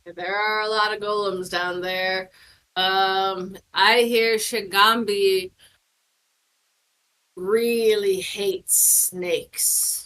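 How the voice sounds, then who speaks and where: Slow, giggly woman player. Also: medium pitch, steady tone, sharp tone, rough recording. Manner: giggly, playful, hesitant. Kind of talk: casual tabletop play.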